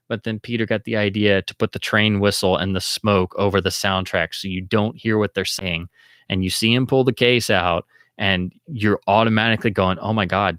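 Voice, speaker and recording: Excitable low-voiced man hosting a film livestream. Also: moderate pace, clear, resonant tone, dry recording, studio quality. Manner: excitable, acts out audience reactions in a high voice. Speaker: livestream host. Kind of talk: casual film commentary.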